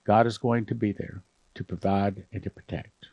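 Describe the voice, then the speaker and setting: A man's voice: on the low side, fairly even intonation, moderate pace, no echo, dull audio. A man pastor preaching fervently, at times emotional, on a broadcast program.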